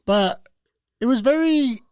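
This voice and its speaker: A man's voice: extremely high pitch, lively intonation, slow pace, darkish tone, clear, resonant tone, no room sound. A man co-hosting a podcast, telling a story in casual chat, blunt and profane. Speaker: podcast co-host.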